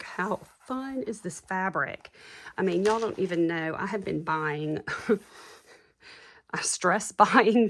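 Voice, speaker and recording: A woman chatting casually and gushing as she shows off handmade journals to her viewers. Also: medium pitch. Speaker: craft seller showing handmade junk journals. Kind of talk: casual show-and-tell chat.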